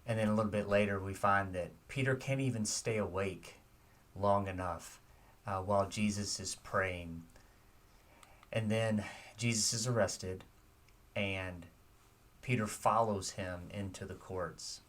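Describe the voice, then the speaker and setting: Slow, low-voiced man preaching. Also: fairly even intonation, fairly bright tone, recorded from a distance. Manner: earnest, reflective, asks listeners direct questions. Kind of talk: short devotional sermon.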